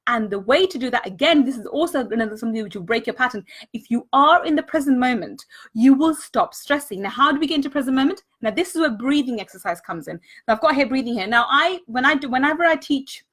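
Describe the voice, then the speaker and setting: Woman, bright high voice, earnest live-stream coach, leans on repetition. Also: lively intonation, fast talker, slightly rough. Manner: earnest, repeats words for emphasis; greets viewers and thanks them mid-talk. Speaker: money mindset coach.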